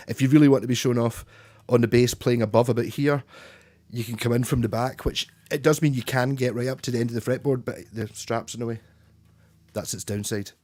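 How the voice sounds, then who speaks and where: A man's voice: mid-range voice, warm tone, no room sound. A man chatting casually with viewers as a livestream host, rambling and restarting his sentences often. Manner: rambling, stop-start, chatty with frequent restarts. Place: home room, playing guitar.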